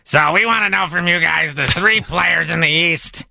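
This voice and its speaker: A man's voice: a little high, moderate pace, creaky, bright, forceful tone. A man hosting a sports talk radio show, bantering and joking with his co-host from a studio. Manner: joking, doing impressions. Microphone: studio microphone.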